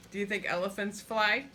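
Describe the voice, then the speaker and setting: A woman's voice: mid-range voice, bright, forceful tone, a little hiss or hum. A woman reading a children's picture book aloud, stopping often to ask the listener questions. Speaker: storybook reader.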